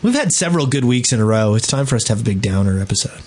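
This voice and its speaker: A man's voice: medium pitch, very animated, rapid-fire, a little mellow, slight background noise. A man co-hosting a casual gaming podcast, joking around and reading listener email aloud. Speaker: podcast co-host.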